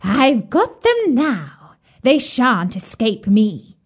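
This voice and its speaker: A woman's voice: fairly high pitch, wildly swooping pitch, slow pace, a little mellow, pitched above the performer's own voice, heavily acted. A woman putting on a wicked old witch. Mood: jeering. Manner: jeering, cackling and bossy. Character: wicked old witch who eats children.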